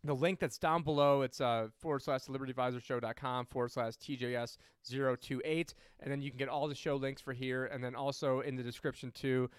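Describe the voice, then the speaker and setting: A male podcast co-host with a medium-pitched, fairly even voice talks fairly quickly with hardly any pauses, in a clean tone with no echo. He rants heatedly about money and politics in casual talk, swearing and rambling with many fillers and restarts.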